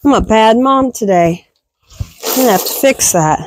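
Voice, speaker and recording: A woman's voice: a little high, lively intonation, normal speed, dry recording, poor audio. A woman goat farmer vlogging casually while doing barn chores, talking fondly to her goats and scolding them.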